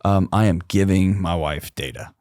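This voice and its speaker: Man, low voice, dry close mic, animated podcast storyteller. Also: normal speed, no room sound. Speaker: podcast guest. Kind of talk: storytelling conversation.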